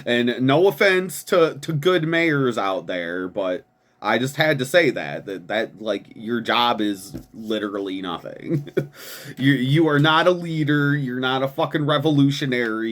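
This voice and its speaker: A man in the middle pitch range hosts an angry political commentary show. He rants with heavy profanity and stumbles over repeated words. He breaks into scornful laughter as he goes. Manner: reads quoted statements in a quick flat voice. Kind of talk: angry political commentary, reading and reacting to statements.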